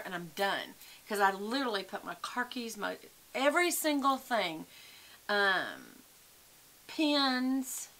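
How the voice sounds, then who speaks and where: A woman's voice: mid-range voice, bright, forceful tone. A woman, chatting casually and rambling to her viewers at home, calling them y'all. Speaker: vlogger. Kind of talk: casual chat to camera.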